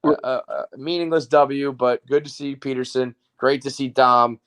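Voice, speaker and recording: A man hosting a sports podcast, talking fast and loose in casual banter with a lot of swearing. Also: mid-range voice, smooth. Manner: profane, excitable sports banter. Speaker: podcast host. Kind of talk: casual chat.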